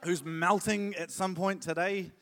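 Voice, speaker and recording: Brief: a chatty man preaching a lighthearted sermon, voice sits a touch high. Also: steady tone, unhurried, a bit bright. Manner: chatty, joking, hyping the crowd. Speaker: pastor. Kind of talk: casual humorous sermon. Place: church hall.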